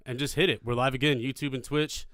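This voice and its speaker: A man's voice: medium pitch, fairly even intonation, fast, a bit bright, no echo, studio quality. A man co-hosting a live podcast in laid-back banter, swearing casually. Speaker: podcast co-host. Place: live show recording.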